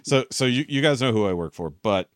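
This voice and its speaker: A man's voice: medium pitch, a little fast, no room sound, clean studio sound. A young man, co-hosting a podcast and telling a story in casual, profane chat, acting out the voices he quotes. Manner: animated storyteller, swears freely, acts out quotes. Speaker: podcast co-host.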